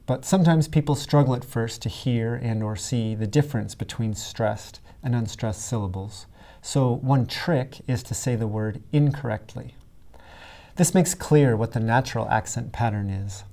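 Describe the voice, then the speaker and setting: A male writing instructor narrates a scripted lesson with a mellow, relaxed tone at a middling pitch. He speaks clearly and deliberately and stresses his example words heavily.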